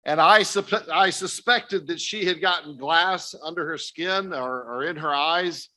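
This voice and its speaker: A man's voice: fairly high pitch, measured pace, sharp tone. An older man giving an earnest personal testimony talk to a conference audience, speaking directly to his listeners. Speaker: missionary speaker. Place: conference stage.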